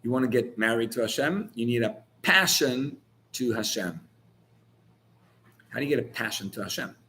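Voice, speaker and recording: A man's voice: medium pitch, animated, moderate pace, sharp tone, slight background noise. A man, a rabbi, giving an informal Torah class in a searching, conversational way, full of restarts, that builds to heated emphasis on key words.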